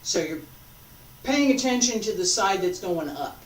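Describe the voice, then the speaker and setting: A woman teaching a qigong class, calmly giving breathing and movement cues. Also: mid-range voice, measured pace. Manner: calm, guiding cues paced to breathing. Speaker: qigong instructor. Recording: echoey room, distant mic, faint noise.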